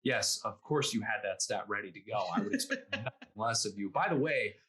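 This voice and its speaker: A man on a sports panel, chatting quickly and teasing his co-hosts. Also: lowish voice, expressive, bright, forceful tone. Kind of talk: casual panel chat.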